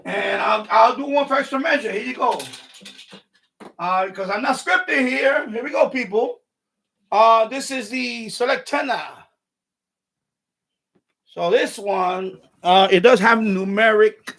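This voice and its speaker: A man's voice: high-pitched, a little slow, gravelly, pauses often, fairly bright tone. A man hosting an unscripted live stream from his home radio room, rambling, swearing a lot and sounding irritable as he shows his radios.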